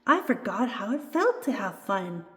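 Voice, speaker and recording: A woman voicing a little girl deer spirit doll, cheerful and high, in a storybook reading. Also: very animated, measured pace, a bit bright. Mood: gleeful. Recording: echoey room with long reverb.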